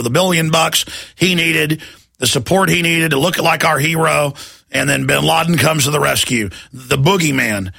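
A man's voice: fairly high pitch, creaky, sharp tone, husky, dry recording. A man with a North Texas accent hosting a radio talk show, delivering an emphatic, scornful monologue with repeated words.

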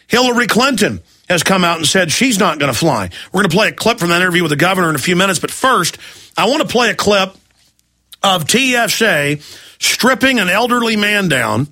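Male talk radio host, ranting hard, high forceful voice, fires off angry questions. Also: big pitch swings. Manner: angry, ranting, rapid-fire rhetorical questions. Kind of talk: heated talk radio rant.

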